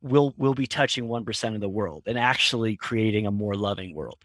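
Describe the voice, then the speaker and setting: Animated male storyteller, dry sound. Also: fairly low pitch, a little fast, no room sound. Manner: animated storyteller, acts out voices in anecdotes, laughs often. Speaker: founder and guest. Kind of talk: conversational interview storytelling.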